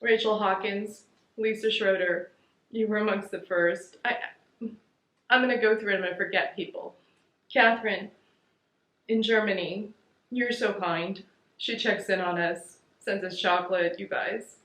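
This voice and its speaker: A middle-aged woman vlogger, tearful, talks casually to her viewers in a medium-pitched, slightly bright voice with fairly even intonation. She speaks at a measured pace with long pauses in an echoey room, rambling through heartfelt thank-yous and often saying "you guys."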